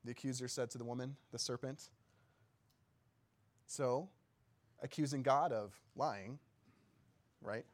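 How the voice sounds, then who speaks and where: A man's voice: medium pitch, measured pace, pauses often. A man giving a casual sermon as a pastor, talking conversationally, joking and often asking his listeners questions. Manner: laughs easily and jokes.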